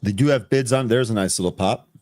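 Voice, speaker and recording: Low-voiced man calling live market moves. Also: a little mellow. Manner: quick, running chatter calling out tickers. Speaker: co-host of live market show. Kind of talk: live trading commentary.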